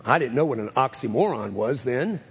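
A man's voice: medium pitch, normal speed, slightly rough. A man preaching a sermon as pastor, acting out the lines of scripture with animation. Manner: animated, acts out scripture dialogue. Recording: long reverb of a hall.

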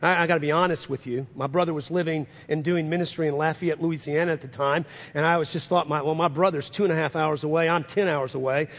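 A male pastor telling a story as part of a sermon, earnest and building to loud, fervent peaks. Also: on the high side, fairly even intonation, fast, few pauses. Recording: long hall reverb.

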